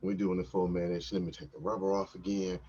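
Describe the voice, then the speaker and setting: A man's voice: deep voice, flat delivery, fast talker, dark tone, slightly rough, dull audio. A man hosting a podcast, telling a story from his life in a laid-back, slangy, rambling way. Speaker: podcast host. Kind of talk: casual storytelling.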